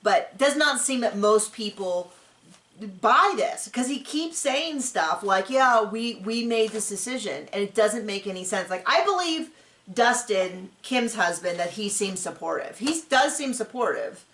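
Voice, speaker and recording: A woman hosting a casual recap chat, telling stories in an animated way with lots of "like". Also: mid-range voice, unhurried. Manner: animated storyteller, frequent "like". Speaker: podcast host. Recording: roomy echo.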